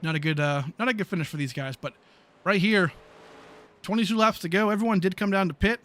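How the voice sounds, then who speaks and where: A man with a high, light voice calling a sim truck race play-by-play. He talks in a chatty, excitable way, full of fillers and quick reactions to the action. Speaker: sim racing play-by-play commentator. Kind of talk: live race commentary.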